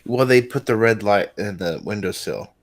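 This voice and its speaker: A man's voice: fairly low pitch, expressive, normal speed. A man co-hosting a podcast in casual chat, joking crudely and stammering into his stories. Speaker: podcast co-host.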